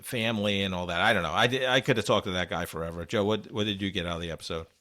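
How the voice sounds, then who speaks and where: A man's voice: low-pitched, racing, sharp tone. A man co-hosting a podcast, recapping an interview in casual, rambling chat with many restarts and fillers. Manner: rambling, frequent restarts and "you know". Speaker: podcast co-host.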